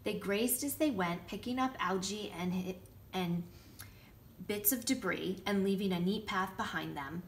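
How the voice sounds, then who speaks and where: A nursery school teacher, a woman, reading a picture book aloud to children with lively asides. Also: medium pitch, unhurried, a little hiss or hum. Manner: warm, lively storytelling with asides showing pictures.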